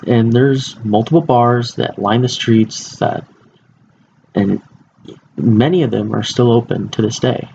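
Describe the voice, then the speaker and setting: Low gravelly young man giving a speech. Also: darkish tone. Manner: informal, with fillers and restarts. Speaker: student speaker. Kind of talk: informative class speech. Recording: muffled lo-fi recording with faint background hiss.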